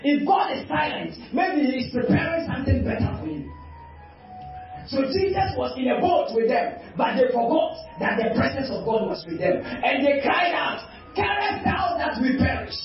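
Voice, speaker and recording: A man preaching a sermon emphatically, often shouting and asking the congregation to repeat after him. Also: extremely high pitch, very animated, normal speed, some chatter behind. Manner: emphatic, shouting, call-and-response. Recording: echoey distant dull sound, faint music.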